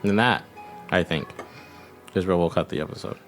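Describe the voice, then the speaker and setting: A man's voice: deep voice, moderate pace, fairly bright tone, faint music behind. A young man narrating as game master in a casual, chatty way, with frequent laughs.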